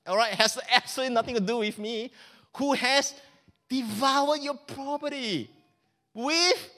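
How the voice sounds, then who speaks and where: A man's voice: high voice, fairly bright tone, long reverb tail. A man voicing a resentful older son in a sermon retelling, complaining to his father in an exasperated, accusing way. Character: indignant, resentful hard-working older son, young man.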